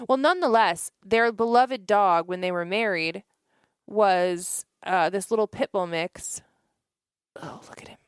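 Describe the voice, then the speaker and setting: A woman's voice: medium pitch, measured pace, smooth, no echo, studio quality. A woman co-hosting a casual podcast chat, telling stories with frequent laughter. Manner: laughing, chatty storytelling. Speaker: podcast co-host.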